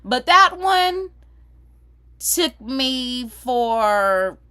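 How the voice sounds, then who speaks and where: A woman's voice: high-pitched, extremely slow, rough recording. A woman, chatting casually and animatedly on a livestream. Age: 30s. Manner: animated, swearing, laughing between stories. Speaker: livestream host. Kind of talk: casual gossip chat.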